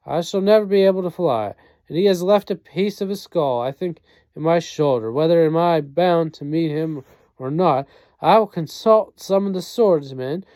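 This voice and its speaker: A man's voice: a little high, mellow, no room sound, close to an everyday voice. A man voicing a cowardly old usurer in a play reading, rambling nervously to himself.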